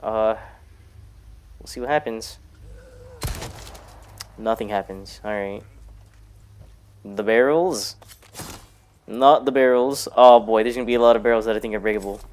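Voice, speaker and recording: A man casually commenting while playing a horror game, muttering low to himself, cursing often, and breaking into loud startled shouts. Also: unhurried, long pauses. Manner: profane, jokey self-talk to the game. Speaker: gaming YouTuber. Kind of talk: casual let's-play commentary.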